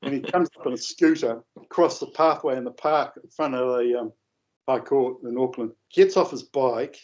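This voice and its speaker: A man telling a long, rambling anecdote in a casual, animated way, with coarse language. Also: medium pitch, normal speed. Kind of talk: casual storytelling. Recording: dull lo-fi audio.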